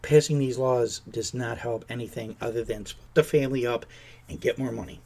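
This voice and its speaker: A podcast host with a medium-pitched, mellow voice and some vocal fry talks a little fast through an indignant, sarcastic political rant. He mocks politicians by putting on silly voices.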